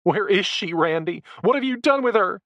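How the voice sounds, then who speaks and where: A man voicing a battered, desperate woman who shouts frantically. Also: high-pitched, expressive, moderate pace, dry recording, highs cut off, pitched above the performer's own voice. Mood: furious.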